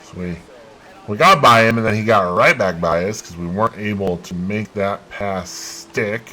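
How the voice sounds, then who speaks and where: Gamer guy calling his own race, bright voice, kinda low, gets super excitable. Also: moderate pace, low-quality recording. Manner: excitable, bursts into loud exclamations. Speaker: gaming channel host. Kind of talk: live play-by-play of a racing game.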